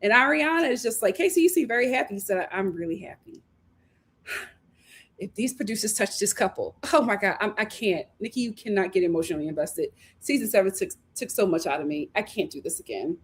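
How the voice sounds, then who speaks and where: With a breathy edge to her medium-pitched voice, a woman talks a little fast while hosting a laid-back live recap of a reality show. She's animated throughout, laughing a lot and acting out what the cast said.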